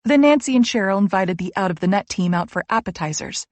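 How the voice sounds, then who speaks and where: A woman narrating a first-person romance audiobook with a lively, wry storytelling manner. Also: mid-range voice, fast, no echo.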